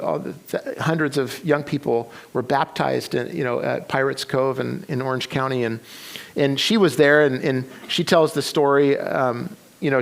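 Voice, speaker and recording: A man's voice: medium pitch, gravelly. A man preaching a sermon, retelling a story with many restarts and quoted voices. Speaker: pastor. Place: church sanctuary.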